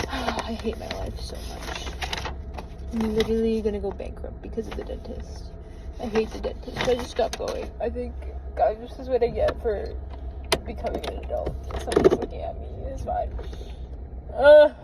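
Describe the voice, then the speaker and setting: A woman's voice: a little high, steady tone, normal speed, very noisy. A young adult woman vlogging in a casual, chatty way, dramatically complaining and using lots of "like" fillers. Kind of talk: casual vlog chat.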